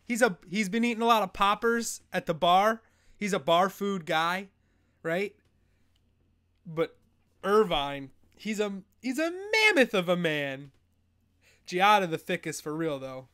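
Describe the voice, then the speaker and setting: A man's voice: high voice, lively intonation, unhurried, pauses often, bright, forceful tone, clean tone. A young man hosting a live fantasy football advice stream, bantering loosely and joking as he answers chat questions. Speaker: host.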